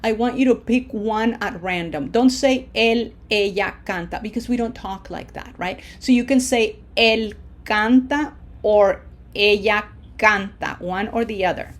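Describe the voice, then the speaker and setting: Patient woman teaching a language lesson. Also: medium pitch. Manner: patient, checks in with "okay?" and "right?" often; slows down to model words clearly. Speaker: Spanish teacher.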